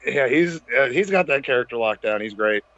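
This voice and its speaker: A man's voice: medium pitch, lively intonation, fairly quick, bright, forceful tone, dry recording, muffled recording. A man chatting casually as a guest, laid-back and profane, calling people dude. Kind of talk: casual chat.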